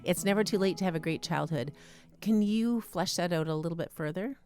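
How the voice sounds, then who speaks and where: A woman's voice: on the low side, a little fast, darkish tone, soft background music. A woman hosting a podcast who interviews her guest and asks curious follow-up questions. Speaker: podcast host.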